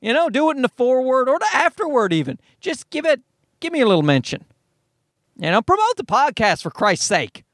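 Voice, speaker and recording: A man's voice: extremely high pitch, sing-song, fairly quick, fairly bright tone, no echo, studio quality. A man hosting a podcast, rambling through a profane comedic monologue with bursts of mocking put-on voices. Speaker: podcast host.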